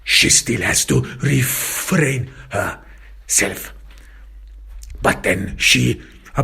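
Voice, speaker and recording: A man narrating a first-person detective story, slow, halting and reflective. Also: medium pitch, expressive, gravelly, bright, forceful tone, husky.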